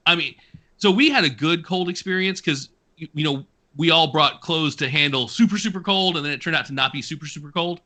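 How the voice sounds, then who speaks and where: A man chatting as a podcast guest, telling stories in an easygoing, measured way. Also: a little high, bright, forceful tone. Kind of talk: casual podcast chat.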